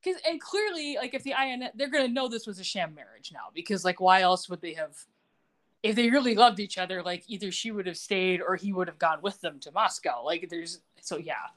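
A woman co-hosting a casual podcast, retelling scenes with animated, acted-out quotes. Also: mid-range voice, a little fast. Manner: animated storytelling, acts out quotes. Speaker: podcast co-host.

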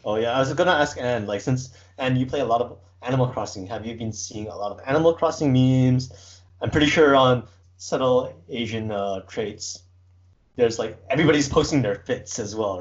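A man leads a relaxed conversation, meandering through his points with plenty of "like" and "um" and frequent laughter. His pitch sits in the middle of the range. The recording sounds dull and lo-fi. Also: normal speed. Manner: rambling, filler-heavy, laughs often. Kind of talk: casual chat.

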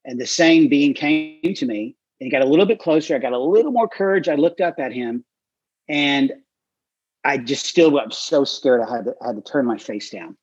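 A man voicing an older man slowly and earnestly recounting his dreams. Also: mid-range voice, animated, slightly rough, no echo. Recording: dry, slightly dull recording.

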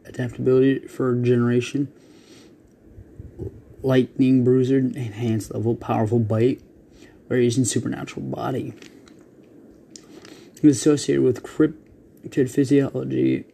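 A man hosting his own creature battle show, reading lists haltingly, stumbling over words and clearing his throat often. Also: medium pitch, fairly even intonation, dark tone. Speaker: host of a creature battle channel. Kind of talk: casual read-out narration.

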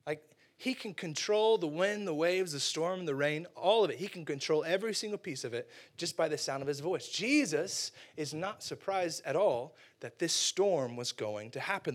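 A man preaching a lively, casual sermon, acting out characters and using slang. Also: on the high side, moderate pace.

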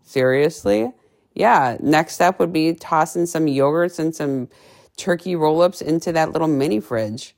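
Speaking at a normal pace in a low register, this woman nutrition coach delivers a laid-back podcast monologue. Her style is brash and profane, full of animated storytelling where she plays out small scenes in funny voices.

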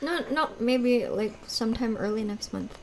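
A woman's voice: on the high side, normal speed, gravelly, a little mellow. Matter-of-fact Cebuano Filipino woman. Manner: matter-of-fact, corrects details. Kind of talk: casual podcast chat.

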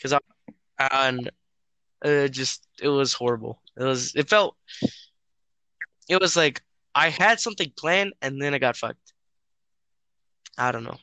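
Hesitant, rambling young man, bright voice. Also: medium pitch, measured pace, pauses often, dry recording. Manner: hesitant, rambling, lots of filler and swearing. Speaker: friend telling a dating story. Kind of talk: casual chat over a call.

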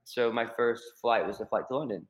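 A guest actor from the American South with a Southern accent, telling rambling, self-deprecating stories in a casual podcast chat. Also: male voice, medium pitch, fairly quick, low-quality recording.

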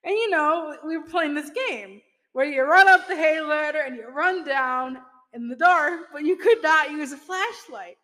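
A woman's voice: high voice, normal speed, bright, forceful tone, big-room sound. A young woman telling casual stories in a chatty way, laughing often and using lots of fillers. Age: young adult. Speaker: podcast host. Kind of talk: casual storytelling monologue.

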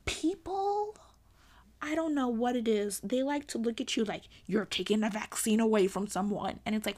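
Animated young woman vlogger pleading. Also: fairly quick. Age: young adult. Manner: animated, exasperated pleading with sudden high exclamations. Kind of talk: casual vlog monologue.

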